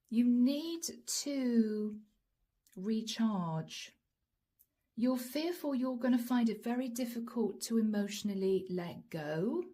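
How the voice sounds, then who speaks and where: A woman with a fairly high, soft, breathy voice gives a tarot reading to camera. Her tone is mellow and her delivery is chatty and direct. She keeps calling the viewer by their star sign. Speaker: psychic tarot reader. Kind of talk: casual channeled reading to camera.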